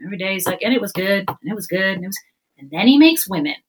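A woman on a faith podcast, talking fast and animated and acting out the voices she quotes. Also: mid-range voice, a little hiss or hum, poor audio. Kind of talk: casual faith podcast chat.

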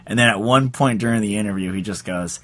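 A man's voice: on the low side, fast, a bit bright. A man, a director, telling rambling anecdotes on a podcast and laughing as he goes. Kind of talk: casual podcast storytelling.

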